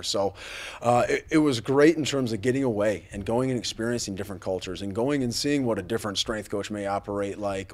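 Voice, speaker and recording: A fairly low-voiced man in his thirties speaks as a football coach at a press conference. He sounds earnest and grateful, and he restarts his sentences often. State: a little choked up.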